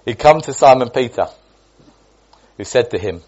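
A man's voice: mid-range voice, expressive, moderate pace, pauses often, a little mellow, muffled recording. Chatty man teaching a sermon. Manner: chatty, repetitive, with many restarts and asides. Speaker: Bible teacher.

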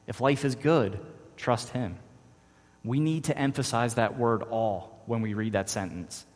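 A man's voice: mid-range voice, unhurried. Earnest male pastor in a reverberant hall. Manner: earnest, repeats phrases for emphasis. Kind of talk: sermon. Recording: long reverb of a large hall.

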